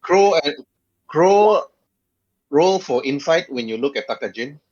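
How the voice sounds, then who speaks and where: A man narrating as game master of an online tabletop game, in a relaxed, halting way with many fillers. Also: fairly high pitch, a crowd in the background. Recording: dull lo-fi voice chat audio.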